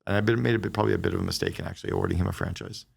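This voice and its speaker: A middle-aged man, a guest on a business podcast, telling stories in a quick, animated conversational way and acting out the dialogue he quotes. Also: low-pitched, creaky, slightly rough. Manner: fast, animated storyteller who acts out quoted dialogue.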